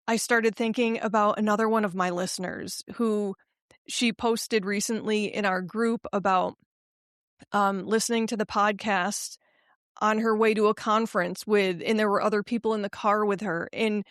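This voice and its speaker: A woman hosting a motivational podcast, speaking in an emphatic, affirming way that turns halting and emotional when she gets personal. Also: mid-range voice, steady tone, no room sound, clean studio sound. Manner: slow, emphatic, affirming delivery. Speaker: podcast host and life coach.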